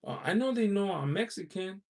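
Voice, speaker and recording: A man's voice: high-pitched, animated, fairly quick. A man from the United States hosting a casual livestream, reading out viewer chat and rambling with lots of "you know" asides and frequent chuckles. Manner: chuckles often while talking.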